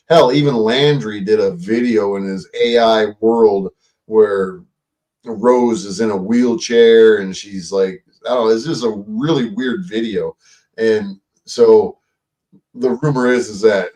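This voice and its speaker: Rambling low-voiced male livestream host. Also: darkish tone, recorded from a distance. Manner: rambling, swears, many fillers and restarts. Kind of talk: casual livestream commentary.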